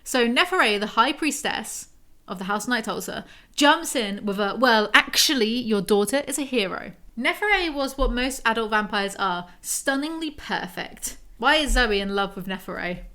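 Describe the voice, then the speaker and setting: A woman's voice: on the high side, animated, a little slow, bright, forceful tone. A woman in her twenties doing a comedic book breakdown, reading passages aloud and adding sarcastic, self-mocking asides. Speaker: book reviewer.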